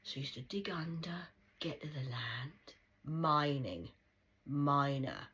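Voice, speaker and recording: A woman delivering a rambling, profane monologue as a medium channelling spirit messages, swinging between loud outbursts and hushed whispers. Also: low-pitched, expressive, slow pace. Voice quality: very husky, breathy voice.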